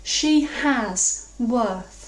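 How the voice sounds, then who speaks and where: A high-voiced woman gives a slow, earnest sermon in a church. Her voice echoes around the room and sits some way off the mic. She is reflective and leans on key words. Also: animated. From England. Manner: reflective, earnest preaching with slowed emphasis. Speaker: preacher. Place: church hall. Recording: roomy, distant mic.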